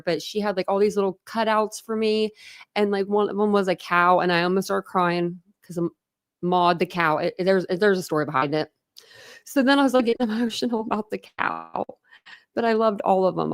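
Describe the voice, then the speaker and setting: A woman hosting a livestream, chatting casually and greeting her viewers one by one, warm and grateful toward them. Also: medium pitch, no echo, studio quality. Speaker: livestream host. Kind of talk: casual live chat with viewers.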